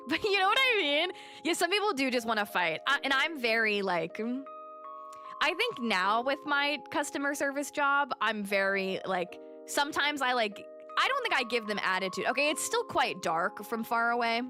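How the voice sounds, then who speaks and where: Woman streamer, casual storytelling, somewhat high voice, faint game music behind. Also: moderate pace. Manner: chatty, animated, greets chat. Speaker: livestreamer. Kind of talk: casual storytelling while gaming.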